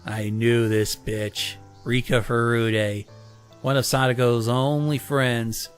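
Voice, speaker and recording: A man's voice: mid-range voice, little pitch movement, slow pace, smooth, soft background music. A man reading a visual novel aloud as a let's play host, swearing and reacting as he goes. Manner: casual, profane, reacts mid-read. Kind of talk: reading a game aloud with commentary.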